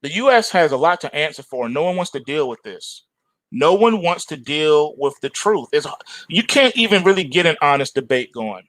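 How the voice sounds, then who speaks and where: A man's voice: on the high side, sing-song, normal speed, no room sound, low-quality recording. Ranting man with a dry close sound. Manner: forceful, repetitive ranting. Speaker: trading show host. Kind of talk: opinionated monologue.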